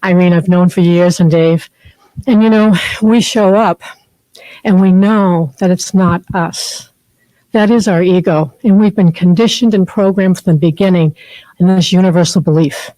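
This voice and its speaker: A woman's voice: lowish voice, steady tone, normal speed, dark tone, dry recording, poor audio. A woman in her fifties, a therapist and spiritual teacher, speaking as a guest in a chapel and telling personal stories in a heartfelt, rambling way full of fillers. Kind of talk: personal spiritual talk to a group.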